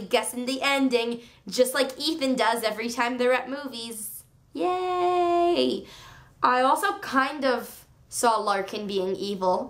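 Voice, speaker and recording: A woman reviewing a book on her video channel, chatting in a gushing, excitable way with sarcastic asides. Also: on the high side. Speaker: book vlogger.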